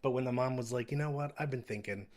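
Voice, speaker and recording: Podcast co-host, a man with a middle-pitched voice, relaxed and rambling, laughs while retelling scenes. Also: fast. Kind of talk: casual film review chat.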